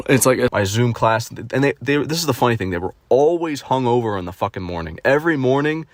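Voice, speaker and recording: A man's voice: medium pitch, expressive, quick pace, hardly any pauses, no echo. A young man in his twenties telling stories in a profane, rambling, mocking comedic rant.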